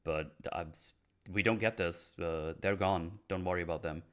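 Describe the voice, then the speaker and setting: A man with a fairly low voice hosts a casual podcast. He recaps scenes in a loose, rambling way. He swears freely and laughs often. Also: fairly even intonation, normal speed, smooth. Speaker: podcast host. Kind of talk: casual episode breakdown chat.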